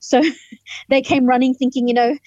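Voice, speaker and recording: A high-voiced woman from Fiji speaks at normal speed with a flat delivery and warm tone, the recording dry and the highs cut off. As a guest, this human rights lawyer relates her faith testimony in an interview, earnestly and vividly acting out what was said.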